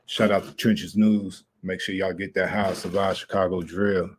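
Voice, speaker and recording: Deep-voiced laid-back male livestream host. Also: flat delivery, moderate pace, background noise. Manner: laid-back, rambling, slangy. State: out of breath. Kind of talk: casual livestream chat.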